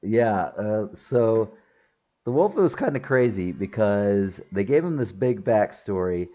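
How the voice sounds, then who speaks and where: A man's voice: on the low side, expressive, takes it slowly, warm tone, muffled recording. A man giving a casual spoken movie review, chatty, with frequent laughs and restarted sentences.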